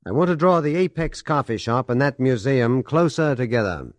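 A male detective lays out his case in a 1940s-style radio drama. He speaks with brisk command and lively rises and falls. The sound is close and dry. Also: mid-range voice, dry recording. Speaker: detective hero.

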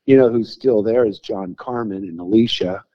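A man's voice: fairly low pitch, normal speed, no echo. A man hosting a casual chat, laid-back, with surfer slang and short reactions. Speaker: podcast host. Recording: dull lo-fi sound.

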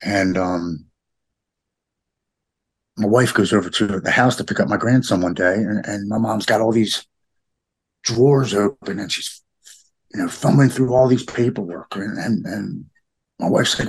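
Middle-aged man, podcast guest, rough husky low voice, halting heartfelt delivery. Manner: halting, repeats words, heartfelt. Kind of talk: emotional personal conversation.

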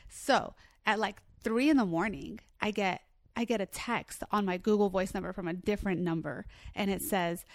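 A woman telling a comedic dating story in casual chat, animated and rambling, swearing and acting out what others said. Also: medium pitch, no room sound, clean studio sound. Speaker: comedian guest.

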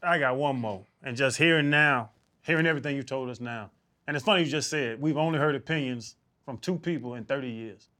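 A man co-hosting a podcast, eagerly asking questions in quick bursts. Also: medium pitch, sharp tone. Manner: eager, rapid-fire questions. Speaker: podcast co-host. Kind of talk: casual podcast chat.

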